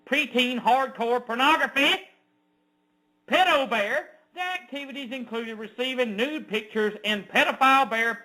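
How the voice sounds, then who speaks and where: A man ranting as an online news commentator, reading an article aloud with indignant, sarcastic outbursts that swing from loud to low. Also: rough recording.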